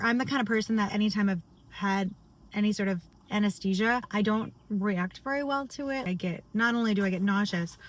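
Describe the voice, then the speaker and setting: A woman talking straight to camera in a personal vlog, open and confessional. Her voice sits at an ordinary middle pitch for a woman, and she sounds sincere and unguarded as she shares her feelings. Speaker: vlogger and singer. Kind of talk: candid personal video diary.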